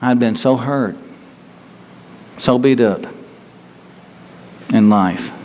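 A man preaching a sermon in a conversational, halting way, often restarting his sentences. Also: medium pitch, a little mellow, in a large hall, a little hiss or hum.

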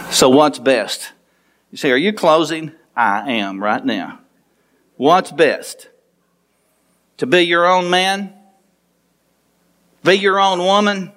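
A man preaching a sermon as pastor, animated, laughing and making quick asides to the congregation. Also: a little high.

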